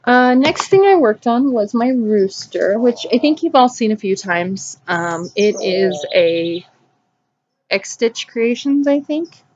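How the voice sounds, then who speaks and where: A woman's voice: on the high side, lively intonation, slow pace, a little mellow, highs cut off, a little hiss or hum. A woman hosting a casual cross-stitch vlog outdoors in her backyard, chatting loosely and wandering off topic. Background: birds singing.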